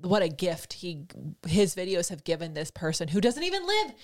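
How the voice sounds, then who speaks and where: A woman hosting a podcast, telling a story in casual chat, excitable and gushing, with lots of fillers. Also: on the low side, normal speed. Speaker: podcast host.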